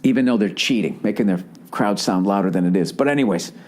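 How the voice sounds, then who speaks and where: A man's voice: lowish voice, fast, darkish tone. A man in his forties hosting a podcast, telling a rambling, profane comedic story and acting out the voices of the people in it. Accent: Boston. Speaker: podcast host. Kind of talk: casual comedic monologue.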